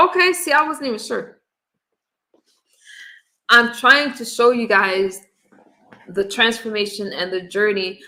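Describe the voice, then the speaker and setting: A woman's voice: mid-range voice, bright, forceful tone. A woman hosting a livestream, speaking earnestly and emotionally to her chat, close to tears. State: holding back tears. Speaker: livestream host. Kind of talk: emotional casual livestream talk.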